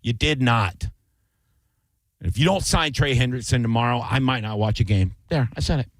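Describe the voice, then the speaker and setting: A man hosting a radio talk show, ranting casually and jumping into loud, high yells. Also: expressive, normal speed, dry recording. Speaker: radio host. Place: radio studio.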